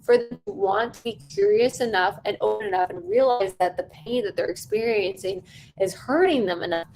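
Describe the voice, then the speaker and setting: In poor audio, a woman's mid-range voice sounds creaky and darkish, swinging widely in pitch at a moderate pace. She's a sales trainer giving a conversational coaching lesson on sales calls, driving points home by repeating them and frequently asking "right?".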